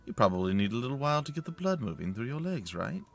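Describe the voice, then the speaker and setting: A man's voice: medium pitch, sing-song, fast talker, vocal fry, soft background music, pitched above the performer's own voice. A man voicing a spirited young woman adventurer in a put-on accent, chatty and teasing. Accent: put-on British-style accent.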